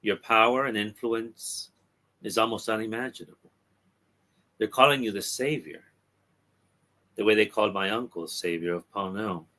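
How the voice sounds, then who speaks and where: A man's voice: on the low side, moderate pace, pauses often, pushed and bright. A man reading as a wistful young woman. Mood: quiet. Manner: plain reading, with little change of voice. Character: wistful young woman rejecting her lover. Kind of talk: reading comic dialogue aloud.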